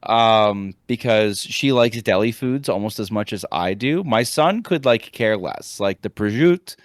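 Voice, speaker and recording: A man in his thirties from the United States, a teacher co-hosting a podcast, telling a casual story in a rambling, animated way with many restarts. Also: on the low side, unhurried, dry recording, studio quality. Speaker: podcast co-host, high school teacher. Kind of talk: casual chat.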